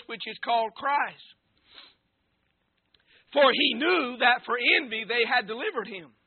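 Guy preaching loud, high voice, sounds like its over a phone. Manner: shouting preacher cadence, fervent. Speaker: visiting preacher. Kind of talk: sermon with scripture reading and prayer. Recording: tinny phone-like recording.

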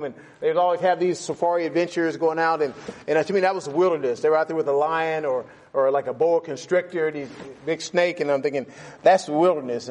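A man's voice: on the high side, a little mellow. A middle-aged man teaching a Bible lesson in a plain, folksy way, repeating phrases for stress and putting questions to his class. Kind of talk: conversational sermon with class questions.

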